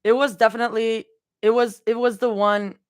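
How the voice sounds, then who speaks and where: A woman's voice: fairly high pitch, flat delivery, fairly quick, no room sound, studio quality. A young woman chatting casually with her livestream audience, giggling often and rambling between thoughts. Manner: giggly and rambling, talks to chat. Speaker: livestream fanfiction reader.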